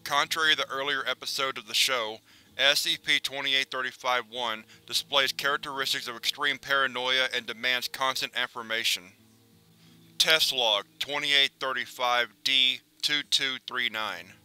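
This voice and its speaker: A man reads out a formal document in measured scripted narration. His voice is very bright and clean-edged, at a middle pitch. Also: steady tone, smooth.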